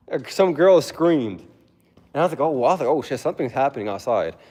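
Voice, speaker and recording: A young man tells a story on a livestream from home, laid-back and casual, slipping into other people's lines and laughing often. His voice sits a little high. The sound carries a long reverb tail. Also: darkish tone.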